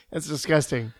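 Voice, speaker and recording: A man's voice: fairly high pitch, a little mellow, no room sound. A man co-hosting a casual podcast, telling rambling stories and laughing often. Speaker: podcast co-host.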